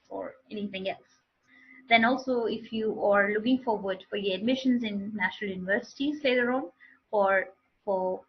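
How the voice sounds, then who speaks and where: A woman's voice: medium pitch, slightly rough, highs cut off. A woman teaching a live online English speaking class, explaining with repeated and restarted phrases.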